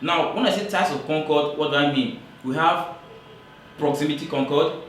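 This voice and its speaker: A man teaching English grammar in a classroom lecture, talking slowly and repeating key points for emphasis. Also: fairly high pitch, fairly bright tone, faint music behind. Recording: very echoey room, voice from far off.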